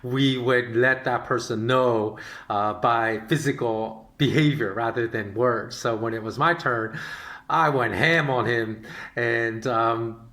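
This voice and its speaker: A male podcast host telling stories in a casual, rambling, animated monologue with many fillers. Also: medium pitch, slow pace, roomy sound.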